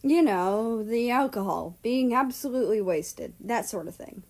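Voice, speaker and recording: A woman's voice: a little high, very animated, a little slow. A woman voicing a drunk young man who talks in a playful, teasing way.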